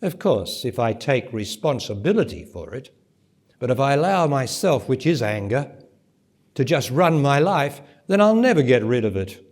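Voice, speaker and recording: A man delivers a spiritual talk to a live audience in a conference centre. His voice sits at an ordinary middle pitch. He presses his points with rhetorical questions and climbs to forceful, emphatic peaks. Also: sing-song, moderate pace. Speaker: spiritual teacher.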